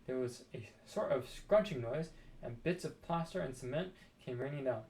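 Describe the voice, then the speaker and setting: A man reading a children's book aloud, expressive with dramatic pauses. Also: mid-range voice. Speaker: storybook reader.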